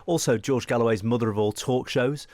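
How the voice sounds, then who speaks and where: Quick, animated man talking politics on radio. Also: mid-range voice, no echo, studio quality. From northwest England. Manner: quick, animated, with restarts and repeated words. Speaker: political journalist, studio guest. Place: radio studio. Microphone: studio microphone.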